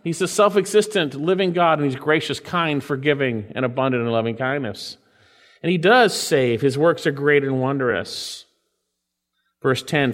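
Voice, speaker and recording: A man preaching a sermon. He reads scripture aloud with rising emphasis and then drops into soft asides. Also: mid-range voice, animated, normal speed, in a large hall.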